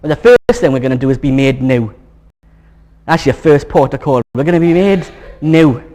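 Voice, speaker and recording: Delivering a sermon at a normal speed, this high-voiced Welshman chats and jokes with his congregation in a church hall as if among friends. Again and again, he encourages the room to show some excitement.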